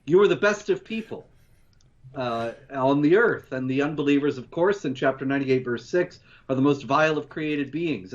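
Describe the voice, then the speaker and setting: A man co-hosting, running through news stories in a measured, steady way. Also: a little high, muffled recording. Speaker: co-host. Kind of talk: news rundown commentary.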